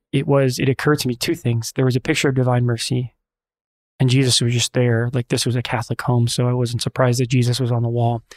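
A male priest recounts a story in a relaxed conversation. He speaks earnestly at a middle pitch, stopping and restarting often as he searches for words. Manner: earnest, halting, many restarts. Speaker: priest and friar.

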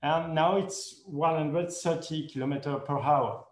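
A man giving a conference presentation in careful non-native English, hesitant and full of pauses and fillers, correcting himself as he goes. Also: fairly high pitch, steady tone. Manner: speaks English as a second language. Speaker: conference speaker. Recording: echoey room.

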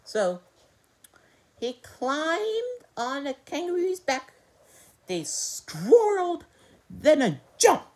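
A woman improvising a children's story with stuffed animals, hesitant, with fillers and slips, and a very lively pitch. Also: very slow, long pauses.

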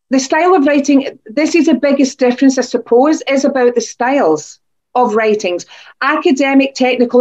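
Woman teacher, high voice, encouraging, questions pupils by name, dull lo-fi webinar audio. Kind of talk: online creative writing lesson for children.

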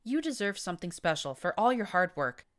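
A woman voicing a manipulative female pony leader with a smooth, purring way of talking, in an audiobook reading. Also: fairly low pitch, big pitch swings, brisk, fairly bright tone, voice pushed up. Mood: smooth, scheming.

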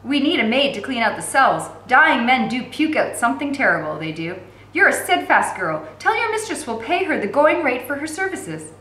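Woman doing a big hungry soldier guy, loud and brisk, echoey room. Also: high voice, big pitch swings, exaggerated voice. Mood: businesslike. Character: huge hungry male British soldier, friendly and greedy.

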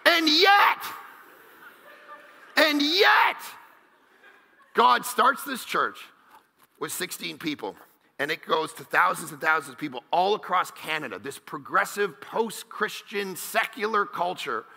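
A male pastor preaching a sermon, energetic and joking, now and then bursting into shouts. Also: on the high side, normal speed, vocal fry, big-room sound. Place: large church auditorium.

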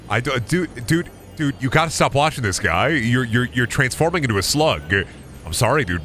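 A man's voice: medium pitch, big pitch swings, fairly quick, sharp tone, slight background noise. A young man streaming a video game, chatting casually, goofing around and swearing often. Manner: goofy, swears a lot, does silly voices and noises. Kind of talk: casual gaming stream chat.

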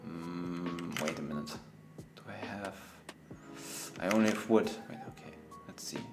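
A man's voice: sits low, normal speed, over music. A man, a gaming streamer chatting playfully through live gameplay, laughing often and talking to the animals in the game.

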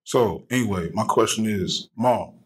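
A man's voice: lowish voice, measured pace, breathy edge, low-quality recording. A man calling in with a question for a podcast, telling a story in a laid-back way. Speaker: caller. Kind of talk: recorded voice message.

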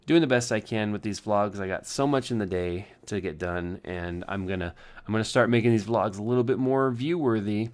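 A tired young man rambling through a low-energy daily vlog from home, joking at his own expense. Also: a little fast. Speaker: vlogger.

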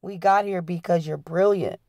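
A man's voice: high voice, steady tone, moderate pace, darkish tone, dry recording, studio quality. A woman reading a volatile, controlling man's lines in a memoir, barking threatening demands. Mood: coaxing. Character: volatile, controlling adult male music mogul boyfriend.

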